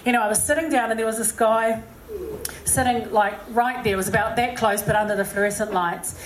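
A woman's voice: fairly high pitch, fairly even intonation, brisk, reverberant, a crowd in the background, rough recording. A woman with a New Zealand accent, a singer telling a personal story to a live audience in a chatty, self-deprecating way, full of "you know" fillers. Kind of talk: personal story and encouragement talk.

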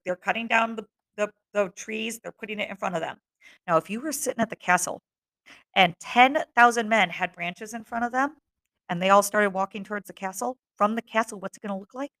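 A woman's voice: mid-range voice, normal speed, fairly bright tone. A woman teacher reading a play aloud to students and breaking off into casual explanations with fillers. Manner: casual asides with fillers between dramatic readings.

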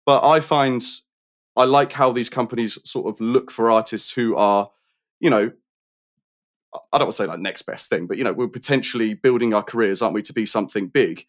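A British musician in casual conversation, chatty and rambling, with lots of fillers and restarts. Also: male voice, medium pitch, brisk. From Britain.

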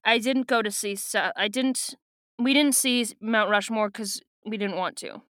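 Chatty bright-voiced woman podcaster. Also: mid-range voice, steady tone, moderate pace, dry recording, clean studio sound. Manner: chatty and giggly, many fillers. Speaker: podcast co-host. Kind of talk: casual chat recapping a book.

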